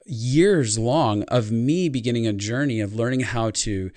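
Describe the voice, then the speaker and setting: A man's voice: mid-range voice, a little slow, a little mellow, no room sound. A man who works as a speaker and life consultant, talking in a podcast conversation, telling a personal story in an earnest, reflective way.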